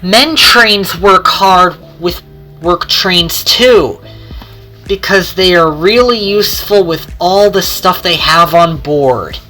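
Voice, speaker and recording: A woman narrating a homemade train story in an unhurried, sing-song storytelling manner. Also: fairly low pitch, sharp tone, soft background music.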